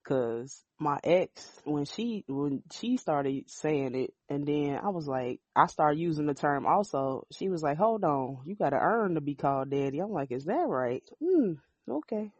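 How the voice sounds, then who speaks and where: A woman's voice: deep voice, animated, unhurried, few pauses, darkish tone, no echo. A woman co-hosting a podcast, talking in a blunt, emphatic casual chat and swearing freely. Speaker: podcast co-host. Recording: dull lo-fi sound.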